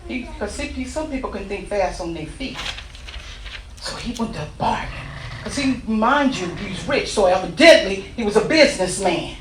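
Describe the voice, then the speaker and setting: A woman minister preaching an impassioned sermon, telling the story with rising shouts, in a church sanctuary. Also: medium pitch, expressive, moderate pace, noisy background. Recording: echoey church from far off.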